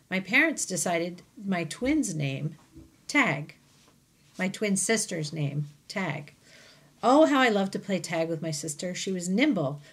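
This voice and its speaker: A woman teacher reading a children's novel aloud to her class, with gentle, chatty asides between passages. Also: fairly low pitch. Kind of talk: storybook read-aloud.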